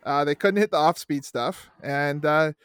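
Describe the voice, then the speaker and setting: Middle-aged man, rambling profane anecdotes, slightly high voice, dry close sound. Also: normal speed, a bit bright, clear, resonant tone, dry recording. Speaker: podcast co-host and youth baseball coach. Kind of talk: casual chat.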